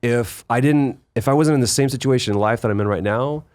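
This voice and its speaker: A man guest on a podcast, chatting casually as an animated storyteller who swears freely. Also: medium pitch, brisk, no room sound. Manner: animated storyteller, acting out other people's lines, swears freely. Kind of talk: casual chat.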